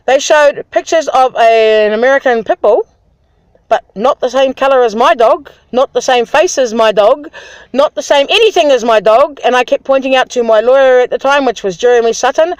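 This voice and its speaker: Indignant high-voiced woman ranting. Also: normal speed, no room sound, poor audio. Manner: aggrieved, indignant, swears freely. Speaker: vlogger. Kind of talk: angry personal rant to camera.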